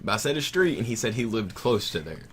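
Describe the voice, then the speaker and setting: A man's voice: lowish voice, big pitch swings, quick pace, fairly bright tone, a little hiss or hum. A young man with a Southern US accent, telling stories in a laid-back way over casual gaming commentary and swearing freely. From Southern United States. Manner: laid-back storytelling, swears freely, retells others' lines. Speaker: let's play commentator.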